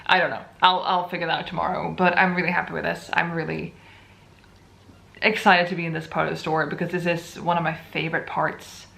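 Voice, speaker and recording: Young woman, casual vlogger, rambling and wry, low-ish gravelly voice. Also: fairly bright tone, roomy sound. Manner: rambling, self-amused, chatty. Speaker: writing vlogger. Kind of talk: casual chat.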